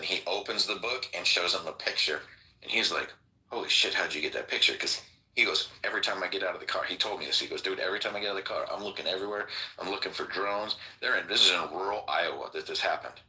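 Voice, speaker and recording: A man with a very low voice tells a long rambling story on a casual podcast. He acts out the quoted lines and swears freely, and his tone is bright and sharp. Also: poor audio. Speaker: podcast host.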